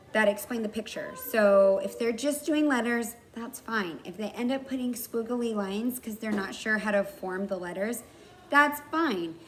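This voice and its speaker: A woman's voice: mid-range voice, fairly bright tone, slight background noise. A woman kindergarten teacher giving a writing lesson to young children, patiently sounding out words. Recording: roomy, from far off the mic, faint background ambience.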